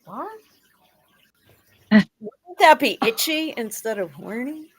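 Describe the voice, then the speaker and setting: A woman's voice: on the high side, lively intonation, measured pace, husky, no room sound. A woman in casual chat, chiming in with short puzzled questions.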